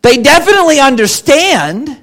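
A man with a high-pitched voice delivers a sermon. He reads the scripture slowly with heavy emphasis, then shifts into a plain, conversational explanation of the passage. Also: very animated, a bit bright. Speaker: preacher.

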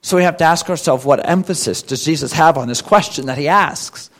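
A man with a high-pitched voice delivers a sermon. He reads the scripture slowly with heavy emphasis, then shifts into a plain, conversational explanation of the passage. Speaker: preacher.

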